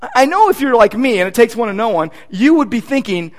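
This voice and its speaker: Male pastor, sermon delivery, high voice with wide lively swings, emphatic, repeats words when building. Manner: animated, emphatic preaching with quick asides and repeated words.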